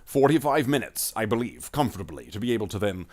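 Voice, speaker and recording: Fast and very animated, this man talks in a fairly low, slightly mellow voice while painting miniatures live. Playing a space marine persona, he keeps up rambling, jokey chatter and calls his viewers "brother Marines."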